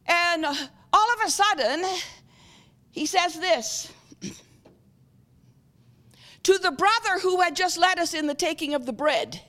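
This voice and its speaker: Bright high-voiced woman preaching. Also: animated, a little slow, pauses often. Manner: engaging, repeatedly checks with the audience; clears throat often. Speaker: guest speaker. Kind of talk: sermon.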